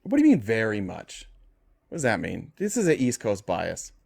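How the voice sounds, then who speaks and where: A chatty male host takes calls with a lowish voice and an easy, joking manner. He laughs often and teases the callers as he talks. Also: huge pitch swings, moderate pace, vocal fry, darkish tone. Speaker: podcast host taking callers. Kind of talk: casual chat.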